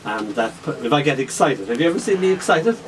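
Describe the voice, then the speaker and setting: A man's voice: a little high, very animated. An Irish man in his sixties with a Kildare accent, a guest poet telling playful stories on a radio show. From Ireland. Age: 60s. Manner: playful, storytelling, quick to laugh. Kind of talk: casual radio chat. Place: hospital radio studio. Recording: distant mic with faint hiss.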